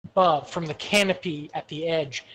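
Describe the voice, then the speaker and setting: A woman's voice: low voice, normal speed. A woman running a tabletop game as game master, narrating monster attacks with hesitant fillers. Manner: descriptive, hesitant with many fillers.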